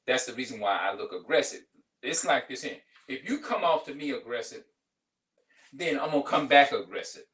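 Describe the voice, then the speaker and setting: A man's voice: mid-range voice, expressive, moderate pace, fairly bright tone, far from the mic, poor audio. A man in his forties talking passionately to camera in a casual vlog monologue, emphatic, often restarting his sentences. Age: 40s. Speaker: vlogger.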